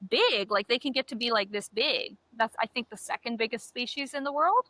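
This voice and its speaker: A woman co-hosting a podcast, telling animated stories in casual chat and swearing often. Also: fairly high pitch, a little fast, no room sound. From Canada. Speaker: podcast co-host.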